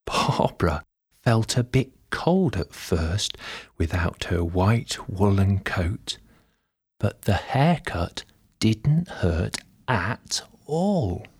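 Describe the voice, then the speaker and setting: A man reading a bedtime story aloud, gentle and drawn-out, dropping now and then into soft whispered asides. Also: on the low side, sing-song, husky.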